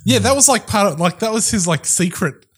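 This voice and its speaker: A man's voice: high-pitched, lively intonation, fairly quick, husky. An Australian man co-hosting a casual podcast, swearing freely and throwing in joking asides. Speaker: podcast co-host. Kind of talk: casual conspiracy chat.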